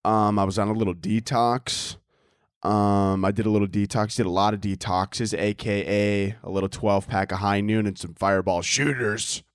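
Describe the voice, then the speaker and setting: A man's voice: lowish voice, steady tone, moderate pace, clear, resonant tone, no echo, clean studio sound. A young man hosting his own comedy podcast, rambling alone through crude, self-mocking banter. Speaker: podcast host. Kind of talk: solo comedic podcast rant.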